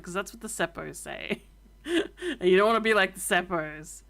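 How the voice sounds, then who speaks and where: A woman's voice: mid-range voice, lively intonation, moderate pace, sharp tone, soft background music. A woman streaming a game, chatting casually in a playful, laughing and profane way. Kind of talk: casual chat.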